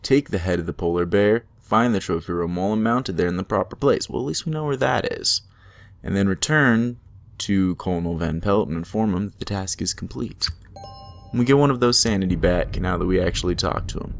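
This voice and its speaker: A man's voice: low voice, brisk. A man casually commenting on a game he plays and reading its text aloud, chatty and self-mocking. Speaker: game let's play narrator.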